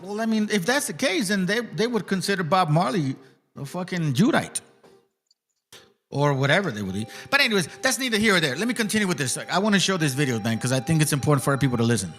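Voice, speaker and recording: A man's voice: sits high, fast. A man hosting a podcast in casual chat, talking bluntly and with plenty of swearing. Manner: blunt, profane, animated. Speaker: podcast host.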